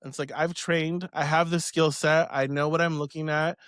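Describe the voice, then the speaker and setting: A man's voice: fairly high pitch, flat delivery, normal speed, a bit bright, clear, resonant tone, dry recording, studio quality. A man hosting a witchcraft live stream in a rambling, casual way, swearing freely and laughing often. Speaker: witchcraft podcast host.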